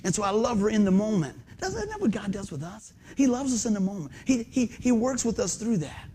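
Lively high-voiced preacher man. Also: brisk, a little hiss or hum. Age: 50s. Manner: animated, folksy, asks the crowd questions. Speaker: pastor. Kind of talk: sermon. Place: church sanctuary under stage lights.

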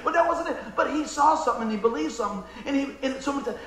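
A man preaching with a fervent, folksy manner that keeps calling for an amen. His voice sits high for a man. It rings out through a roomy, echoing sanctuary. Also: lively intonation, racing, background noise. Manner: fervent, folksy, calls for amens. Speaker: pastor. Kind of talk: sermon.

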